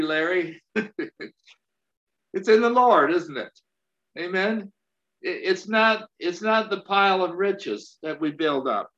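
A man preaching in a high voice, his delivery slow and halting, full of restarts and amens. The recording sounds dull and lo-fi. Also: animated, a bit bright. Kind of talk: sermon.

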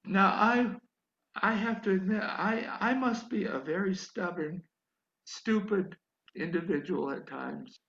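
An older man preaches a sermon in a high, gravelly voice. He tells his story in an animated way and builds to emphatic pleading. The recording is dull and echoes around a hall. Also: slow pace.

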